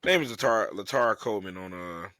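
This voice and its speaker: A man's voice: on the low side, fast, pushed and bright, dry recording. A man co-hosting a sports podcast, chatting in an easygoing, enthusiastic way. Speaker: podcast co-host. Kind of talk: casual sports podcast chat.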